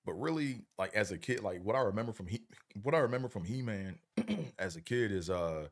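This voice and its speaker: This casual livestream chat features a middle-aged host whose very low voice moves a little fast. He rambles in a laid-back, slangy manner and keeps asking the audience whether they're following along.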